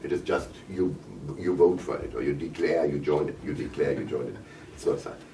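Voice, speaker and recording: A man with a German accent, hoarse and coughing, speaking haltingly at a press conference with many fillers and restarts. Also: a bass voice, mellow, slight background noise. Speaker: visiting parliamentarian at a press conference. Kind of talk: press conference remarks in English. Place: conference room. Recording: roomy, distant mic, faint ambience.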